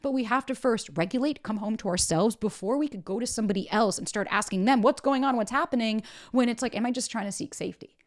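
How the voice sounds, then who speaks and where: A woman's voice: on the high side, fast talker, few pauses. A woman hosting a podcast, giving blunt, emphatic dating advice and swearing often. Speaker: podcast host and dating coach. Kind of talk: direct-to-camera advice talk.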